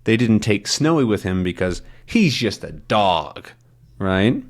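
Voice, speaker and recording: A man explains vocabulary while reading a comic, in a relaxed, chatty teaching voice. His pitch moves freely and lively, with asides and restarts. It sounds like an easygoing lesson recorded at home. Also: takes it slowly. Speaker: English teacher. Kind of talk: comic read-along lesson.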